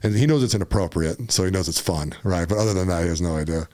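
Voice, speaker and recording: Low-voiced man telling a story. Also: quick pace. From Utah. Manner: animated, conversational, often says "dude" and "right?". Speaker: podcast guest. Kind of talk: casual storytelling.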